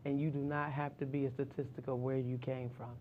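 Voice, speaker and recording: A woman's voice: extremely low pitch, level tone, a little fast, narrow, tinny audio, slight background noise. A woman guest on an interview podcast, a former basketball player and referee, talking earnestly about her life and preaching self-belief. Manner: earnest, preachy when giving advice. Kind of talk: casual interview chat.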